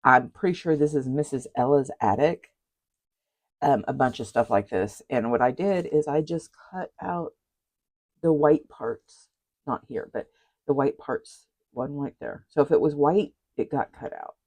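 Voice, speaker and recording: A woman's voice: rumbling low, moderate pace, a little mellow, low-quality recording. A woman crafter chatting casually as she shows a handmade journal, rambling with asides and apologies. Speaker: craft vlogger. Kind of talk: casual journal flip-through chat.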